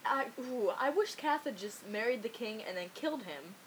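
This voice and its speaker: A woman cohosts a casual podcast in a high voice that rises and falls a lot. She comes across relaxed and agreeable and laughs often. A faint hiss runs under the recording. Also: moderate pace, low-quality recording. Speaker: podcast co-host. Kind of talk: casual chat.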